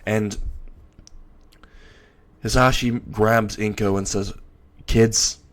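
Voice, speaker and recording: A young man narrating an improvised story in a loose, halting way with frequent restarts. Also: lowish voice.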